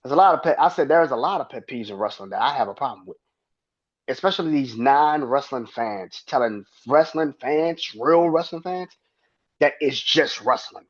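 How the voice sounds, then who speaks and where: A man's voice: mid-range voice, lively intonation, fairly quick. A man hosting his own podcast, ranting in a heated, profane and emphatic way. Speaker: podcast host. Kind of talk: solo podcast rant. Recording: dull lo-fi sound.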